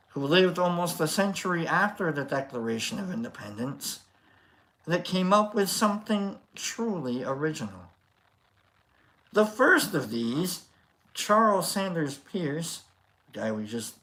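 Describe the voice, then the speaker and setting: A stream host reading philosophy aloud at an unhurried, slow pace. They pause often to restate lines and stress words, mixing in jokey asides to the chat. The delivery is loose and conversational rather than polished. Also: medium pitch, a bit bright.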